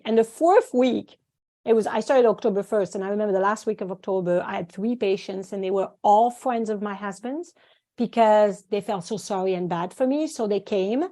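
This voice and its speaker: A woman's voice: mid-range voice, normal speed, warm tone. A French-born woman whose first language is French, a guest on a podcast interview, telling stories with animation and acting out quoted voices. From France. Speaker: guest, acupuncturist and course founder.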